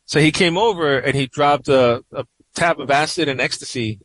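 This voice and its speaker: A man's voice: a little high, normal speed, a bit bright, no room sound, rough recording. A middle-aged man with a New York accent, telling a personal story as an interview guest in a reflective way, with many "you know" fillers. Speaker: interview guest, professor and writer.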